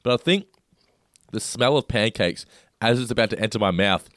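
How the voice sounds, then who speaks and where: Low-voiced man taste-testing snacks. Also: lively intonation, normal speed, a bit bright, no echo, clean studio sound. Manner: enthusiastic, describes food while chewing. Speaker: co-host. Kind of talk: casual snack taste-test chat.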